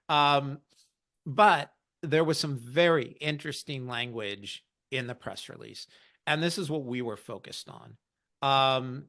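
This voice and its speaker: A man's voice: mid-range voice, fairly bright tone. A man hosting an investing podcast, explaining market news in a casual, wry way. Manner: explanatory, wry, quotes others in mock voices.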